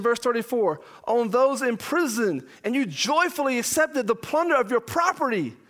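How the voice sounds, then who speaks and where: A man, a pastor and father, preaching an impassioned verse-by-verse sermon, shouting much of it and then dropping to a low voice. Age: young adult or middle-aged parent.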